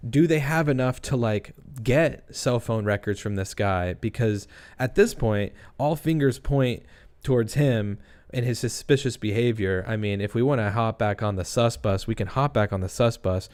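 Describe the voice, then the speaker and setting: A man's voice: medium pitch, moderate pace, hardly any pauses, a little mellow, clean tone. A young man hosting a casual true-crime livestream, thinking aloud and rambling with restarts while reading chat. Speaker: livestream host.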